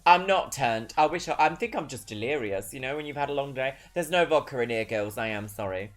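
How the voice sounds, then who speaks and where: A woman's voice: extremely low pitch, expressive, fairly quick, few pauses, soft background music. A British woman streaming, chatting casually with a giggly, rambling, self-mocking manner. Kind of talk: casual chat.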